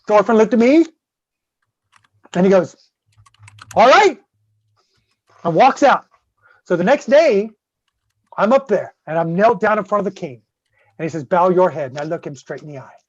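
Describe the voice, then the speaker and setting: Profane, animated man telling a story. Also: high-pitched, moderate pace, pauses often, dry recording, dull audio. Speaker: guest host. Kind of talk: casual storytelling.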